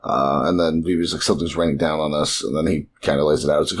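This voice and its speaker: A man's voice: rumbling low, level tone, fast. A young man hosting a podcast, chatting casually about manga chapters, swearing and acting out quotes. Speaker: podcast host.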